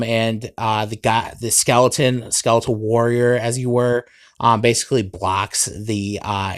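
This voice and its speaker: A young man retells an anime episode in a loose, rambling way, leaning on "um" and "basically". His voice is smooth and resonant, recorded dry and close with no room sound. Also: fairly low pitch, no room sound. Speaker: anime reviewer. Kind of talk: casual episode recap.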